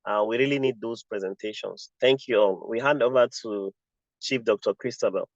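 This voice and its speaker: A man's voice: on the low side, normal speed, no room sound. A man moderating an online teaching session, polite and deferential, handing over between speakers. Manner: deferential, says sir often. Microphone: video call. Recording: dull lo-fi call audio.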